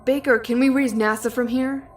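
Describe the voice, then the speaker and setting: A woman's voice: on the high side, fairly even intonation, normal speed, distant mic, soft background music, pitched above the performer's own voice, natural voice. A woman voicing a panicked male spaceship commander who barks orders at his crew in a horror story. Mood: shouting orders. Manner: barking, forceful commands.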